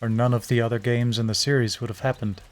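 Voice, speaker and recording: A man's voice: medium pitch, level tone, fast. A man livestreaming a game, chatting casually in a put-on British-leaning accent, rambling with many fillers and restarts. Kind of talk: casual gameplay commentary.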